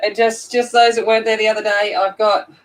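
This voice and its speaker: A sleepy Australian woman, just woken up, hosts a casual livestream from her phone, greeting viewers by name and chatting while she colours. Her mid-range voice has little pitch movement and runs a little fast, and the audio quality is poor.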